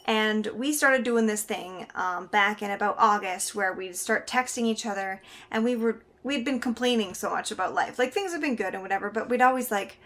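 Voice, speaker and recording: A woman's voice: medium pitch, normal speed, hardly any pauses, fairly bright tone. A young woman from Canada telling a funny personal story to camera in a casual, chatty way, laughing now and then. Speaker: vlogger.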